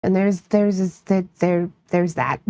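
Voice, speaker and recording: A woman's voice: mid-range voice, slow pace, warm tone, dry recording, studio quality. A woman from upstate New York, chatting casually with her live-stream viewers, playful and laughing often while she teases chat.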